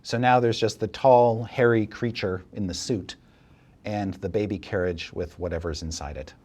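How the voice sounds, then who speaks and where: A man narrating a tabletop game as dungeon master, describing scenes with animated energy. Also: lowish voice, normal speed.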